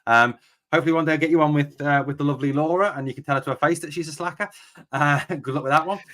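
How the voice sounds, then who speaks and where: A man's voice: a little high, very fast, fairly bright tone. A man hosting a live podcast in an upbeat, friendly manner, thanking his guest and viewers. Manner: upbeat, friendly sign-off patter. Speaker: podcast host.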